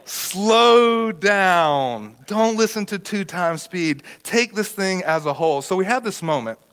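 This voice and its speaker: A pastor preaching in a church, his voice sitting a touch high for a man. He talks in a loose, conversational way, and his stories build to sudden shouts. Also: animated, normal speed. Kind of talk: sermon. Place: church auditorium.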